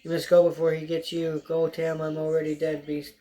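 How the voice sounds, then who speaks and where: Wounded hare corporal, read by a narrator, urgent and pleading, mellow, flat. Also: mid-range voice, a little fast, close to an everyday voice.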